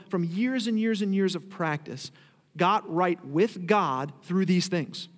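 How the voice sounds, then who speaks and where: Pastor guy preaching in a church, kinda high voice, big hall echo, gets loud and punchy on the big points. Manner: conversational preaching with emphatic rises. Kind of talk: sermon. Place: church sanctuary. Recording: long hall reverb.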